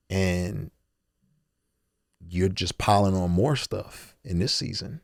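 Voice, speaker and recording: Deep and creaky, this man's voice moves slowly and pauses often, recorded dry at studio quality. He's a rapper giving a podcast interview, earnest and emotional, frequently quoting his own thoughts, with a loose style of repeated words and restarted phrases.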